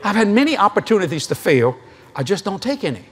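A man's voice: high-pitched, very animated, fast, breathy edge. A middle-aged man preaching a sermon at a convention, telling folksy stories and acting out the dialogue. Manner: folksy storytelling, acts out dialogue, laughs often. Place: large convention hall, live audience.

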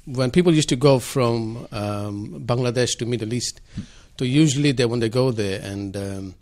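A man chatting as a guest on a radio talk, telling stories in an informal, halting way. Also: mid-range voice, a little mellow. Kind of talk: casual radio conversation.

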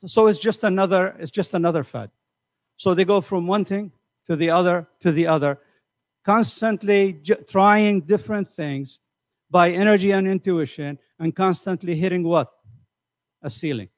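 An older man giving a motivational seminar, animated and conversational, asking the audience questions and acting out voices. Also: sits high, moderate pace, no room sound, clean studio sound. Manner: animated, acts out quoted voices. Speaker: seminar speaker. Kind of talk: motivational lecture. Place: community center hall.

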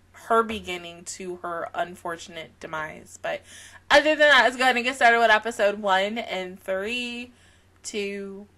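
A woman's voice: medium pitch, sharp tone. A tired, sleepy young woman hosting an anime reaction vlog, rambling casually with frequent laughs and slang. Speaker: anime reaction channel host.

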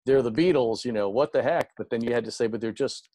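A man's voice: medium pitch, fast, mellow, dry recording. A man hosting an interview over a video call, asking long, enthusiastic, rambling questions. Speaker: show host.

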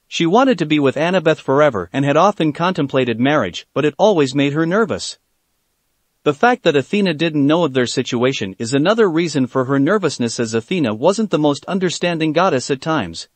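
A man's voice: on the high side, dry recording. Man reading fan fiction aloud. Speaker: narrator.

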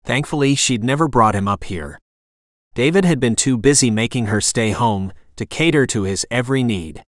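A man reading a romantic suspense novel aloud as an audiobook narrator, in a steady, even storytelling manner. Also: mid-range voice, normal speed, no echo, studio quality. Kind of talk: scripted narration.

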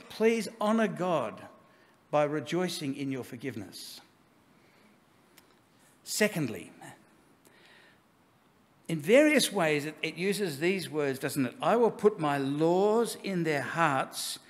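A man preaching a sermon in a conversational, storytelling way, with asides and restarts. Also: medium pitch. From Australia. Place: church. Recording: long church reverb.

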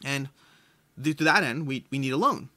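A man's voice: mid-range voice, normal speed, sharp tone, natural voice. A man voicing a patient, polite talking frog in a told joke, earnest and formal.

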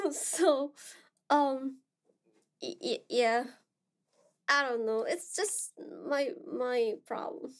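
A young woman with a Korean accent, a streamer chatting casually with her viewers, soft-spoken and halting, full of fillers and restarts. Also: sits high, animated.

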